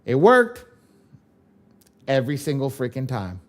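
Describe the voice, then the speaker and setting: A man's voice: mid-range voice, wildly swooping pitch, unhurried. A man leading a live online training class on credit repair, emphatic, repeating his points and swearing casually.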